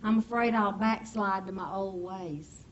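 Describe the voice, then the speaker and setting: A woman's voice: medium pitch, a little slow, highs cut off, slight background noise, close to an everyday voice. An actress playing a motherly middle-aged diner owner, speaking fondly and earnestly in a stage comedy. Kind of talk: live stage comedy acting.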